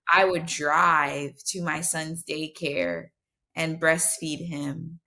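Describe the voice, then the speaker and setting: A woman's voice: low voice, steady tone, slow pace, bright, forceful tone. A young woman, a nurse, sharing her story as a guest in an earnest, heartfelt way, often restarting her sentences. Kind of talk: candid conversational storytelling.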